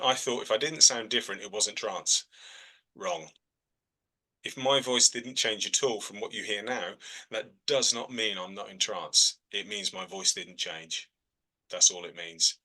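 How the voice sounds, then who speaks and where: This man's voice is fairly low with a sharp tone, captured on a low-quality recording. A trance medium by trade, he chats his way through students' questions in an easygoing video-call class, regularly asking "all right?"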